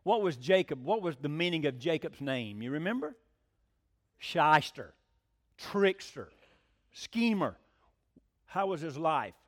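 Animated, folksy preacher man. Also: fairly quick, few pauses. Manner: animated, folksy, with swooping pitch. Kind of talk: sermon teaching.

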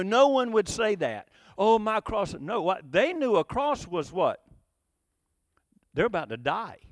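A man delivers a sermon in a high, lively voice that leaps around as he speaks. He fires rhetorical questions and chuckles between points. The sound is close and dry. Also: no room sound. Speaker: preacher.

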